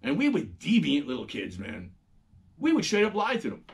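A middle-aged man hosts a casual monologue in a husky, slightly high voice. His pitch swings widely as he tells stories, swears freely and acts out other people's lines. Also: normal speed. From New York. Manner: animated, profane storytelling, acting out quoted voices. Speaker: host.

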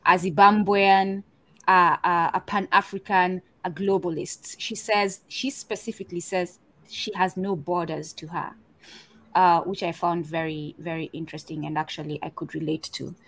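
Female co-host, low-set voice, chatty and searching, leads the panel. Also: fairly even intonation, moderate pace, fairly bright tone. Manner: conversational, searching, reads passages aloud. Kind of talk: panel discussion on a podcast.

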